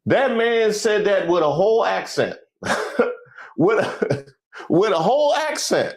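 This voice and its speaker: Animated joking male commentary host. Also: high voice, slow. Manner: animated, joking, breaks into song and laughter; slangy, casual. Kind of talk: comedic news commentary.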